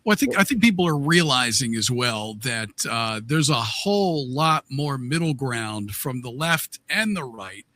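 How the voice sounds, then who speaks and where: A man hosting a political podcast, talking in halting bursts with many restarts. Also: medium pitch, lively intonation, sharp tone. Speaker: podcast host. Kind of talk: casual political podcast talk.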